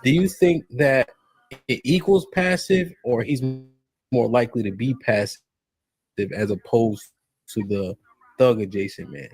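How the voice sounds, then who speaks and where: Man, podcast co-host, husky, halting, probing questions, casual. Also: medium pitch, darkish tone, poor audio. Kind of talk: casual chat.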